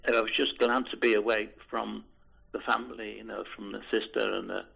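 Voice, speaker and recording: An older man from Liverpool reminiscing in an interview, speaking in a halting, hesitant way with many restarts and repeated words. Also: fairly low pitch, level tone, gravelly, husky. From Liverpool, England. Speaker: oral history interviewee. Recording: tinny phone-like lo-fi recording.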